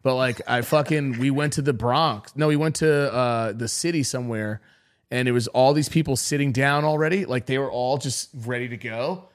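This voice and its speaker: A man in casual podcast chat who tells long, rambling stories and swears freely. He slips into other people's voices as he tells them, in a mid-pitched voice. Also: normal speed. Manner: rambling storyteller, swears a lot, mimics people. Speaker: podcast co-host.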